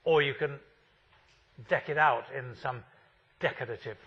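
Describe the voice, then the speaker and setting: A man's voice: medium pitch, measured pace, breathy edge, lo-fi sound. A man in his fifties giving a university architecture lecture, wry and full of rhetorical questions.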